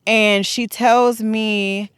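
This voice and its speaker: A woman telling a long personal story in casual podcast chat, animated and acting out the dialogue. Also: on the high side, very slow, clean tone, no echo, clean studio sound.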